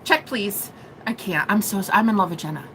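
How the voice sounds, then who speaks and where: A woman's voice: medium pitch, fairly bright tone, slight background noise, lightly acted, rough recording. A woman doing a flustered lovesick man. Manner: apologetic, stammering, rushed.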